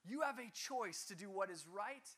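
A man teaching a Bible class keeps things lively, asking his students questions and joking with them. His voice sits high and is husky, and he speaks at a moderate pace.

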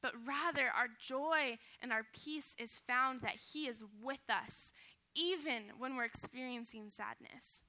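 A young woman with a high, very bright voice shares a personal testimony in sermon form. She speaks earnestly and from the heart, in a casual way full of fillers. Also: a little slow.

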